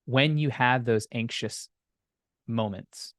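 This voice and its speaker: A man hosting a podcast, asking questions in a thoughtful, halting way with many restarts. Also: medium pitch, a bit bright, dry recording, clean studio sound. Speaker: podcast host. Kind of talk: interview questions.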